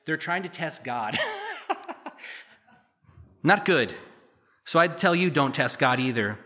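Male pastor, middle-aged, bright forceful voice, slightly high for a man; reads scripture, then chats through it with wry asides. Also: animated, takes it slowly, pauses often. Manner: conversational, joking asides between read verses. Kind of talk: sermon reading and explaining scripture.

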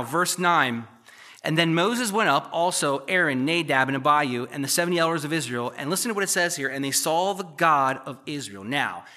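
Excitable, bright-voiced male preacher. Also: a little high. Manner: animated, excitable preaching with asides to the congregation. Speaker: pastor. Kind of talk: sermon with scripture reading.

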